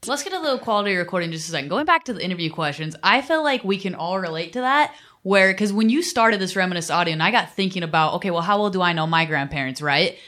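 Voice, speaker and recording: A woman's voice: fairly low pitch, expressive, fast talker, hardly any pauses, fairly bright tone. A woman co-hosting a casual podcast interview, asking her friend upbeat questions and affirming her answers. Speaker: co-host interviewer.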